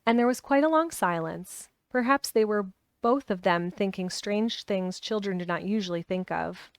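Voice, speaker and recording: A woman's voice: mid-range voice, moderate pace, smooth, dry recording. Woman narrator reading a classic aloud, dry close sound. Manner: steady storybook narration with small restarts. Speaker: reader.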